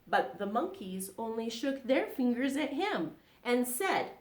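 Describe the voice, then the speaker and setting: Animated woman reading a children's story. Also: medium pitch, slow pace, hardly any pauses, reverberant. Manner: animated, asks children questions. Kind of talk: children's story read-aloud.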